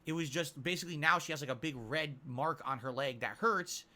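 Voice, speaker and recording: Man, earnest rambling storyteller, slightly high bright voice. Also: a little fast. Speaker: streamer in a played clip. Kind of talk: casual storytelling.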